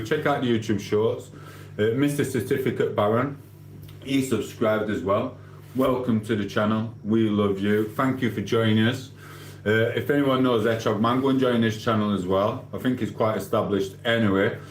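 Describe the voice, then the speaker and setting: A man hosting a casual livestream, reading comments aloud and ranting bluntly with cheeky swearing. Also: fairly low pitch. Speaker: livestream host. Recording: roomy echo with faint hum.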